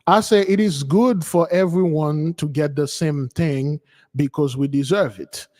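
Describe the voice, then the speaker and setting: A man with a higher-than-usual voice hosts a spiritual channel in loose, unscripted talk. He repeats himself and stumbles over his words while addressing his listeners as beloved. His voice trails off into a long, echoing reverb. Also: unhurried, a little mellow. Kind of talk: casual live commentary.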